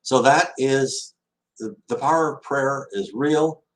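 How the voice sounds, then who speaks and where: Speaking slowly in a medium-pitched voice, a man hosting a question-and-answer session responds to viewers with casual, rambling stories. He restarts frequently and acts out quoted speech, and the recording is low quality.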